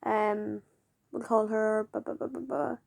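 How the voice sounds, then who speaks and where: Woman, casual personal storytelling, chatty, fairly high pitch, warm tone. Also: fairly even intonation, unhurried, gravelly. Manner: chatty, leans on "like" and acts out quoted dialogue. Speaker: vlogger.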